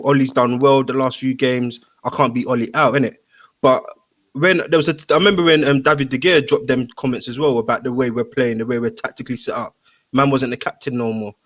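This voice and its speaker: A man's voice: medium pitch, slight background noise. A man arguing about football in a casual panel chat, full of slang and restarts. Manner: animated, slangy, interrupts and repeats himself. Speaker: football pundit.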